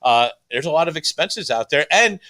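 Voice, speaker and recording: Bright-voiced rambling auction guy. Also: fairly high pitch, expressive, normal speed. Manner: rambling, lots of fillers and restarts. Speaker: auction house owner, guest. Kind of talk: casual chat on a live stream.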